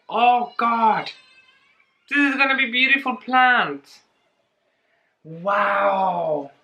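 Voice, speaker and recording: A woman talking casually in a home unboxing vlog, excitable and giggly, gushing over what she opens. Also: fairly low pitch. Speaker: plant vlogger.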